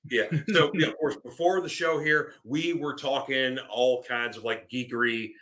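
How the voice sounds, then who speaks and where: A man's voice: mid-range voice, fairly even intonation, normal speed, bright, forceful tone. A man guesting on a casual movie chat, enthusiastic and rambling, with plenty of fillers. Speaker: podcast guest.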